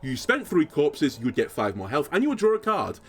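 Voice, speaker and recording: Animated man reviewing game cards. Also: fairly quick, breathy edge. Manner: animated, swooping pitch, thinks aloud with fillers. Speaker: card game content creator. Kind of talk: card review commentary.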